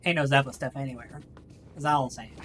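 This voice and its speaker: A woman's voice: very deep voice, fairly even intonation, fast, slight background noise, pitched below the performer's own voice. Woman putting on a bragging fake Southern drawl. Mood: boastful. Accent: exaggerated fake Southern US. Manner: swaggering, drawling, self-praising. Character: boastful hick Southern gamer woman. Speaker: streamer.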